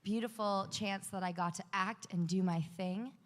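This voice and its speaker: An actress on a convention panel speaking frankly and reflectively, swearing casually. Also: female voice, mid-range voice, steady tone, moderate pace. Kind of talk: candid panel chat. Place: large convention hall. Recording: echoey convention hall.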